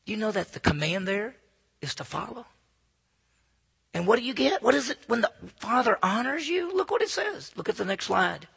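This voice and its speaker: A man preaching, his voice high, bright and pushed hard. He swings from ringing calls down to hushed near-whispers, with gravelly fry and a husky edge through it all. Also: big pitch swings, moderate pace. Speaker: pastor. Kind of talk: sermon.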